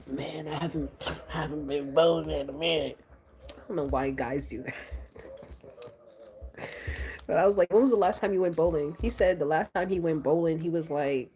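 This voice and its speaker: A woman's voice: low voice, mellow, low-quality recording. A woman, chatting casually to her viewers in a blunt, exasperated way, sighing often. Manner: blunt, exasperated storytelling with frequent sighs. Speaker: vlogger. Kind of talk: casual chat to camera.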